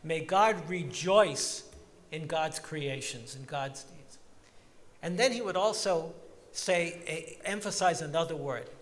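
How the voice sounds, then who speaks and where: A man giving a reflective talk to his congregation in a synagogue, slowing down to stress sung phrases. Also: a little high, a bit bright, big-room sound. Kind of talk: sermon-like reflection. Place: large synagogue sanctuary.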